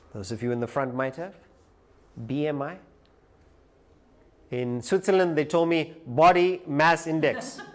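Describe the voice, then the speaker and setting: A man giving a live lecture who tells a story with animated delivery. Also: a little high. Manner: animated storyteller, acts out quoted voices. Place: lecture hall.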